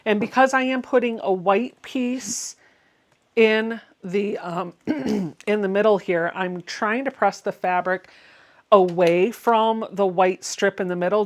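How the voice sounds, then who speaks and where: A woman in the middle of her range chats through each quilting step as she sews. She laughs easily and keeps things relaxed and talkative. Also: medium pitch, measured pace. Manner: chatty, laughs often, explains steps as she works. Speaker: quilting channel host. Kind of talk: casual chat while sewing on a livestream.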